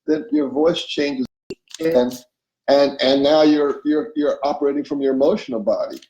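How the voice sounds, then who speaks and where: A man's voice: medium pitch, normal speed, mellow, echoey room, highs cut off, slight background noise. A man as an interview guest, explaining spiritual self-help ideas and checking in often with his listener. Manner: explanatory, acts out inner voices, checks in with listener.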